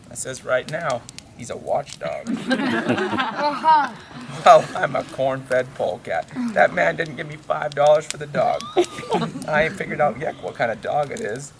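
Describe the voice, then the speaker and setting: A man's voice: a little high, gravelly, background noise. A man telling a folksy comic monologue at a campfire in hick dialect, chuckling at his own punchlines. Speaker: campfire storyteller. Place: outdoors at a campfire.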